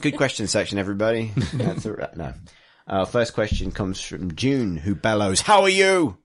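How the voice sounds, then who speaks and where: Low-voiced rambling podcast host. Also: male voice, animated, normal speed. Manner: rambling, restarting sentences, laughing. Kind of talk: casual chat.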